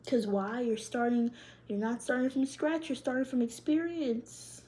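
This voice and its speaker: A young woman gives a casual tarot reading, full of slang, swearing and laughter. Her voice sits high but sounds mellow and soft-edged. A faint hiss runs under the home recording. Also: a little slow. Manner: loose, slangy and profane, laughing often. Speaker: tarot reader.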